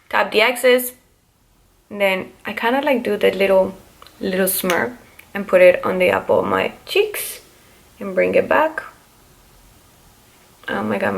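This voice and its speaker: A woman's voice: mid-range voice, gravelly, fairly bright tone, slight background noise. Chatty young woman doing a makeup tutorial. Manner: chatty, filler-heavy, explaining each step as she goes. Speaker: beauty vlogger.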